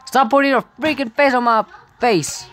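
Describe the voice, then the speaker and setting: A woman's voice: fairly high pitch, normal speed, a bit bright, faint music behind. A woman giving casual gameplay commentary, often exclaiming in frustration and laughing at the game. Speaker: gaming video creator.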